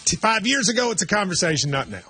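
A man's voice: high-pitched, sing-song, fast, bright, forceful tone, husky, soft background music. A man co-hosting a sports talk show, giving firm, opinionated picks. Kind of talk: radio sports chat.

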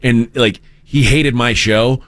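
A man's voice: mid-range voice, fairly even intonation, takes it slowly, a bit bright, no echo. A man co-hosting a radio show, chatting casually with loose, rambling storytelling.

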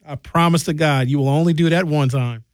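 A man hosting a radio talk show, telling lively stories with impressions. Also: a little high, brisk, no room sound, studio quality. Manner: animated storyteller, slips into impressions. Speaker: radio host. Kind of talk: lively casual radio banter.

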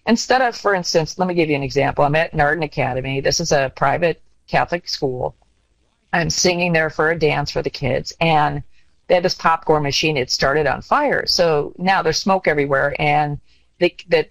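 A woman's voice: low-pitched, gravelly, dry recording, low-quality recording. Earnest older woman giving parenting advice. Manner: earnest, animated storytelling with acted-out quotes. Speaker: guest. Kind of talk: conversational advice.

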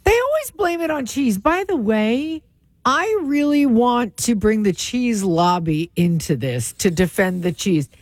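A woman's voice: fairly high pitch, lively intonation, a little slow, no echo, studio quality. A woman co-hosting a casual comedy chat show, joking and slipping into silly voices. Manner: jokey, puts on silly voices. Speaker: co-host.

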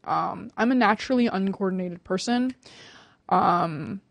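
A woman of twenty hosting a student radio show in casual chat, talking fast and nervously with many fillers and restarts. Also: mid-range voice, vocal fry, dry recording. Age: 20s.

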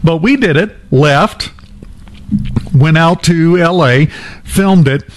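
A man with a fairly high-pitched voice hosts a morning talk show. He tells a long personal story in a relaxed, chatty way, full of small fillers and restarts. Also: takes it slowly. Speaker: radio show host. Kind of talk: casual anecdote telling.

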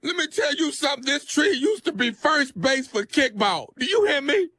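Man putting on a high shrill furious neighbor. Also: very animated, moderate pace, no echo, studio quality, exaggerated voice. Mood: tearful ranting. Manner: shouting, sobbing, streetwise slang. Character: furious grown man wailing over his mama's tree. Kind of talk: prank phone call.

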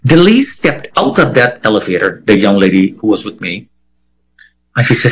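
A man's voice: lowish voice, very animated, moderate pace, slightly rough, poor audio. A man giving a first-person account in an interview, vividly acting out the voices of the people he quotes. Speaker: interviewee telling a personal story.

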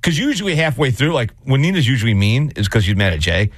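A man's voice: fast, slightly rough, no echo, studio quality. A man co-hosting a morning radio show, telling stories animatedly and teasing his co-host. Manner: animated storyteller, big pitch swings, playful teasing. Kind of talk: casual morning radio banter.

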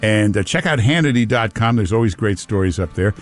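A man's voice: fairly low pitch, animated, brisk, soft background music. A man hosting a call-in talk radio show, chatty and teasing, repeating himself for emphasis. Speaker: radio talk show host taking calls. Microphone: studio microphone.

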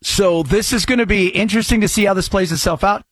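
A man hosting a talk radio show, riffing in an excitable, jokey way. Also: high-pitched, fast, dry recording. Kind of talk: casual talk radio commentary.

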